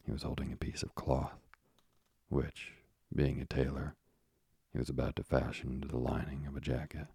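A man reading a classic novel aloud as narrator, in a measured, even, gravelly voice that often drops to a half-whisper. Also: very deep voice, dry recording, clean studio sound. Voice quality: gravelly, husky.

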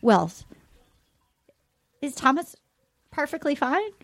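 Lively high-voiced woman recapping. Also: slow, dry recording. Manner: animated, profane, acts out cast members' lines in mock voices. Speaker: podcast host recapping a dating show. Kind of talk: casual comedic recap.

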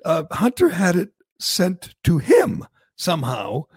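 Raspy opinionated podcast host. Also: male voice, high-pitched, slow pace, no echo. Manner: animated, opinionated recapping. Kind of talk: casual political chat.

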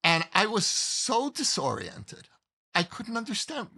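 A man telling a personal story in conversation, measured and earnest, pausing mid-thought. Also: high-pitched, wildly swooping pitch, bright, forceful tone, slightly rough.

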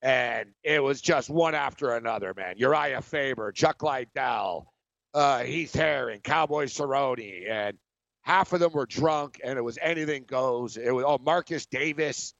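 A man hosting sports radio, telling stories in a casual, animated way with quick asides. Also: medium pitch, vocal fry, no echo. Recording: dry, dull lo-fi studio audio.

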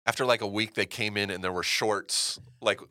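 A man's voice: fairly low pitch, steady tone, moderate pace, bright, forceful tone. A man being interviewed as an actor, telling stories animatedly and swearing freely. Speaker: actor guest. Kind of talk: casual interview storytelling.

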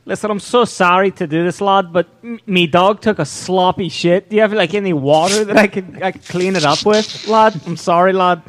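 A man's voice: high-pitched, moderate pace, hardly any pauses, a bit bright, a little hiss or hum. A man doing a comedic impression of an apologetic, rambling young fighter. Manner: apologetic, rambling, calls everyone lad. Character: chatty English male fighter, apologetic neighbor.

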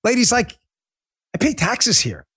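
A man hosting a political commentary podcast, talking in an animated, joking and profane way. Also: extremely high pitch, unhurried, breathy edge. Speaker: podcast host.

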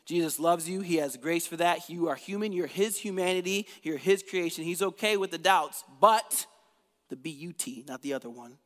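A man preaching a sermon in an energetic, conversational way, his voice sitting a little higher than most men's. He speaks to his church with casual, lively emphasis. A long reverb from the church hall trails after every phrase. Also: normal speed. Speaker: pastor.

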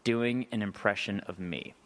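A young man guesting on a comedy podcast, riffing in animated, casual chat. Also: fairly low pitch, moderate pace, a little hiss or hum.

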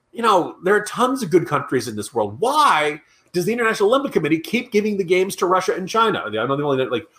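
A male podcast co-host in casual political chat, sarcastic and ranting. His voice sits a bit high for a man and swings widely in pitch as he talks. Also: fairly bright tone.

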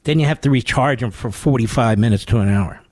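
A man's voice: medium pitch, brisk, dry recording. A man hosting a radio talk show, delivering a sarcastic, mocking monologue full of rhetorical asides into a studio microphone.

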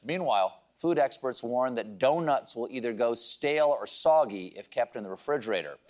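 A man's voice: mid-range voice, lively intonation, normal speed, darkish tone. Man delivering late-night comedy jokes. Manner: mock-grandiose, punchline delivery. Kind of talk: comedic monologue with audience. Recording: studio audience laughter behind.

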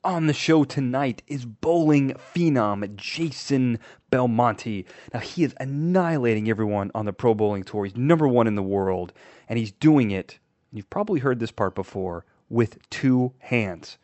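A man's voice: medium pitch, normal speed, no room sound. A young man hosting a podcast interview, playful and jokey. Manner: playful, jokey, lively with bursts of laughter. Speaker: podcast host.

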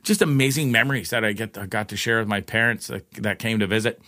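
A man's voice: lowish voice, fast, bright, forceful tone. A man telling rambling personal stories in a casual, profane way, laughing often. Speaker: storyteller.

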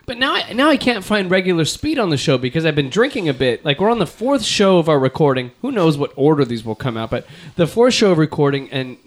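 A man's voice: fairly high pitch, sing-song, quick pace, hardly any pauses. A man hosting a casual comedy podcast, a bit drunk, rambling and swearing freely. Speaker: podcast host.

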